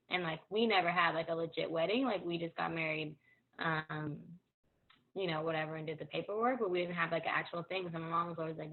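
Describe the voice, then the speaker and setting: A woman co-hosting a casual chat, giving relaxed, matter-of-fact opinions over a tinny, phone-like line. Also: sits low. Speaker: podcast co-host.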